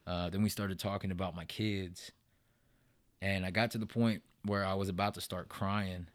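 Deep-voiced man telling a rough story. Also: level tone, normal speed, dry recording. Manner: profane, rambling, peppered with "man" and "bro". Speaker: guest telling his recovery story. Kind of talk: casual storytelling interview.

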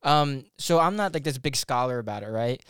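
A man's voice: mid-range voice, lively intonation, brisk, fairly bright tone, clean tone, no echo, studio quality. A young man co-hosting a casual movie review chat, rambling and hesitant as he gathers his thoughts. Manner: rambling, hesitant, many fillers. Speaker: podcast co-host.

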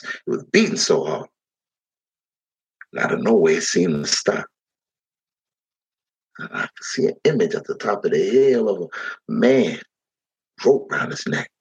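A man telling a dramatic first-person story in heavy dialect, slipping into the voices of the people in it. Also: sits low. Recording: dull lo-fi recording.

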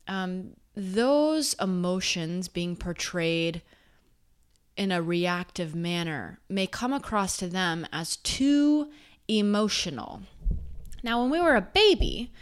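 A woman talking earnestly to camera in a casual, conversational way, turning emphatic one moment and soft the next. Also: mid-range voice, clean tone. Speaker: self-help speaker.

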